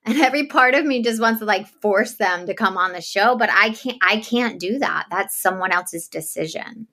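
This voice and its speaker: A woman's voice: medium pitch, normal speed, bright, forceful tone. A woman being interviewed about her podcast, answering in an earnest, chatty way and laughing easily. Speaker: podcast host as guest. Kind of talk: casual conversational interview.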